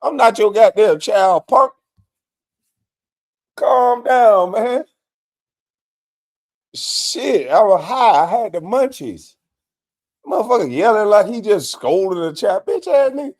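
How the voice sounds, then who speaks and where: A man's voice: high-pitched, big pitch swings, moderate pace. A man hosting a live stream, mocking and cursing his way through commentary on a clip, laughing often.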